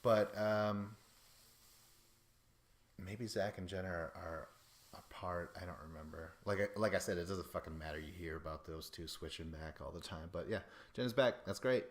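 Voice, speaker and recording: Male podcast host, lowish voice, loose and profane, excitable rambling commentary. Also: moderate pace.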